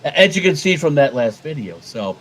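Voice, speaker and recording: A man's voice: on the high side, big pitch swings, brisk, fairly bright tone, slight background noise, poor audio. A man co-hosting a casual livestream chat, rambling and swearing and stumbling over repeated words. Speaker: co-host.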